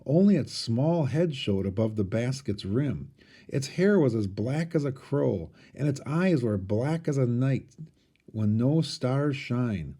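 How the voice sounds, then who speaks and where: A man, a teacher, reading a storybook aloud with expressive storytelling. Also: mid-range voice, takes it slowly, slightly rough.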